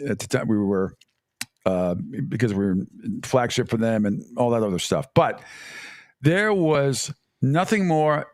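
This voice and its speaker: A middle-aged man hosting sports talk radio, telling stories in a rambling, animated way and laughing often. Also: mid-range voice, measured pace, no room sound, studio quality.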